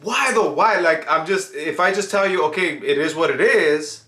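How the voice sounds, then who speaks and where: A young man co-hosting a couple's Q&A in casual chat, rambling and repeating himself with halting restarts. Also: on the high side, pushed and bright. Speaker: co-host of couple Q&A. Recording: echoey room.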